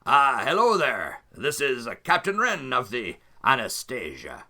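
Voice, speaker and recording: A man's voice: mid-range voice, huge pitch swings, a little slow, creaky, bright, forceful tone, full character voice. A man voicing a jovial, roguish male starship captain who talks in a folksy, chummy way and calls people lad.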